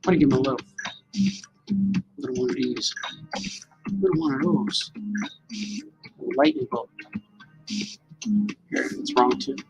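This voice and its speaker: A man's voice: medium pitch, very animated, unhurried, gravelly, long pauses, over music, rough recording. A man rambling and joking to himself while drawing, calling everyone "man". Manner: talks to himself, musing and joking, says "man" often. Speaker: cartoonist drawing on camera.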